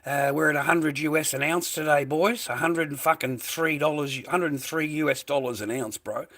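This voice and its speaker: A man's voice: fairly high pitch, steady tone, moderate pace, noisy background. An Australian man chatting casually on a livestream from his kitchen at home, rambling and swearing freely while calling viewers mate and bro.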